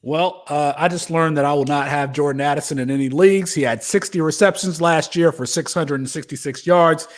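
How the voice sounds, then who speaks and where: A man with a notably high speaking voice hosts a casual sports podcast. He talks loosely and jokes around with his co-hosts between questions. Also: a little fast, hardly any pauses. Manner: mock-formal courtroom argument, then loose banter. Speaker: podcast host.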